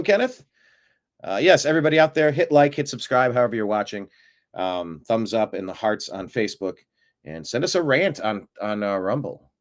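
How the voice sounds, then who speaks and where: A man hosting a live-streamed political commentary show, talking in an animated way with sarcastic asides and frequent fillers. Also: medium pitch. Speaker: host of a political news show.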